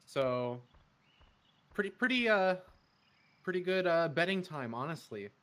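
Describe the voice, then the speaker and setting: A man sits in as co-commentator on a speedrun stream, relaxed and joking, with a slightly high voice. He hesitates often and fills gaps with "uh" and "I mean.". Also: unhurried. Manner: hesitant, many fillers, laid-back joking. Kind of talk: casual esports commentary.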